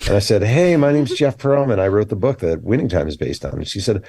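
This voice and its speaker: Deep-voiced author guy on a podcast, blunt, acts out the dialogue in his stories, dry close sound. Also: fast talker, few pauses, breathy edge, no room sound. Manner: animated storyteller acting out quoted dialogue; blunt, opinionated. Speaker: author guest. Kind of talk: casual podcast interview.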